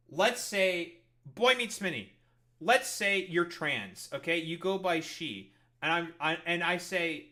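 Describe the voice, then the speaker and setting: A male streamer reacting to an interview with scornful, profane political commentary, swearing constantly and often restarting his sentences. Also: fairly high pitch. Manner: gets loud and excited while acting out an example.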